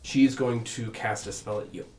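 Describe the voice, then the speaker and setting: A man narrating as game master in a tabletop game, pausing often with fillers. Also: medium pitch, steady tone, darkish tone, echoey room, faint music behind. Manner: halting, hesitant, many fillers.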